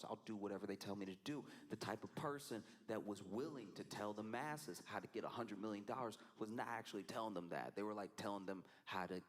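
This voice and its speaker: A lowish-voiced man chats on a live stream in an animated, casual way, with frequent laughter and playful impressions of the people he quotes.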